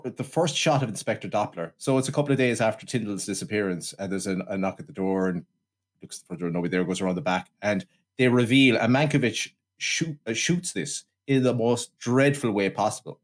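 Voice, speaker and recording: A man's voice: on the low side, brisk. Ranting man reviewing a film. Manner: animated, ranting, swears often, acts out quotes. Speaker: podcast co-host. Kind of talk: casual film review chat.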